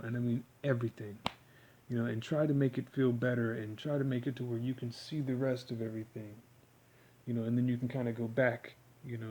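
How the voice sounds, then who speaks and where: A man giving a rambling, halting monologue, full of fillers as he explains a technique. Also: mid-range voice, mellow, slight background noise, low-quality recording. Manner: halting, filler-heavy, meandering.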